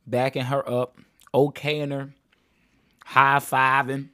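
A man's voice: medium pitch, level tone, takes it slowly, pushed and bright, no echo, studio quality. A man hosting a casual commentary, talking straight to viewers and repeating phrases as he restarts. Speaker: commentary host.

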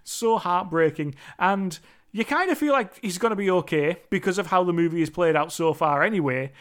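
A man's voice: high-pitched, animated, normal speed. A man recapping a film scene in a casual, emphatic, sweary way, often repeating himself. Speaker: movie reviewer.

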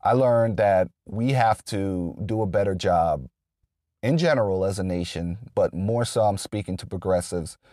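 A man's voice: lowish voice, dark tone, dry recording, studio quality. A man giving an unscripted political monologue, rambling and restarting often with lots of fillers. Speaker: political commentator.

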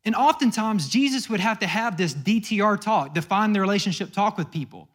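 A man's voice: high voice, expressive, a little fast, fairly bright tone. A man preaching a sermon, telling stories in a loose, conversational way and acting out the people in them. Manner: conversational storytelling with acted quotes. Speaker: pastor.

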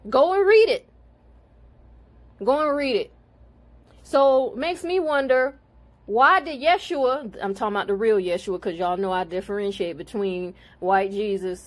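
With a mid-range voice, a woman who does spiritual card readings and healing chats casually with her audience. Blunt and foul-mouthed, she gets increasingly worked up and preachy.

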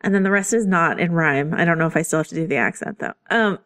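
A woman's voice: lowish voice, fast talker, fairly bright tone. A woman co-hosting a podcast, chatting casually and reading listener reviews aloud. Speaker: podcast co-host.

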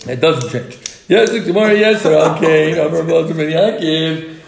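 A man with a high, light voice teaches a casual Talmud class, mixing joking banter with a rapid singsong study chant. The sound is roomy and echoey, like a classroom recording. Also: lively intonation, gravelly, noisy background. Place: classroom with students. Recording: echoey room.

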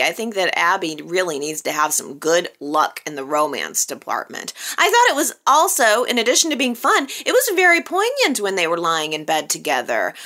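A woman's voice: mid-range voice, pushed and bright. A woman hosting a soap opera recap, chatting casually and playfully, often laughing at her own jokes. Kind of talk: casual chat.

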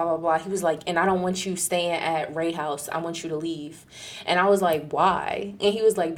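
A young woman telling a casual story in an animated, profane way, acting out the people she quotes. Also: creaky. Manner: acts out quoted people in a higher, louder voice.

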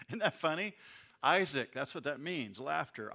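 Bright-voiced man preaching a sermon. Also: on the high side, slow, vocal fry, long pauses. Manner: conversational, animated retelling with acted quotes. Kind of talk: expository sermon.

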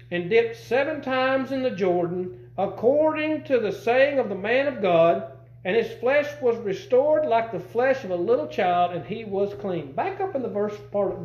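Folksy high-voiced man preaching in an echoey church. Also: lo-fi sound. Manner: folksy, conversational preaching with rhetorical questions. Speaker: pastor. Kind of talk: sermon.

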